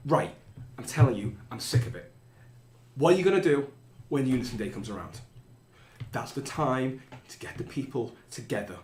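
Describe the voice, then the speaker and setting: A man's voice: medium pitch, lively intonation, moderate pace, pauses often, darkish tone, slight background noise, lightly acted. A man voicing a fearless, furious female union organiser who talks in a blunt, demanding way, recorded with a roomy echo. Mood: angry. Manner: confrontational, demanding.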